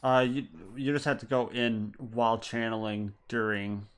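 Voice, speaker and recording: A man's voice: medium pitch, steady tone, normal speed, smooth. A man streaming a game, chatting casually and thinking aloud in a matter-of-fact way. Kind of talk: casual gaming chat. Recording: game music under voice. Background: game music.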